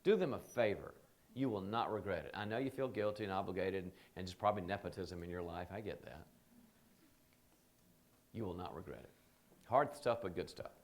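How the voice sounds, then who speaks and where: A man leading a leadership training seminar, telling animated stories and acting out the people he quotes. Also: low-pitched, quick pace. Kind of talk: seminar talk.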